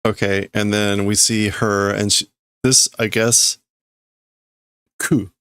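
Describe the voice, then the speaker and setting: A man's voice: on the low side, flat delivery, slow pace, a bit bright, clean tone, no echo, studio quality. A man livestreaming as he reads and translates manga in a casual way, thinking aloud and often stopping to correct himself.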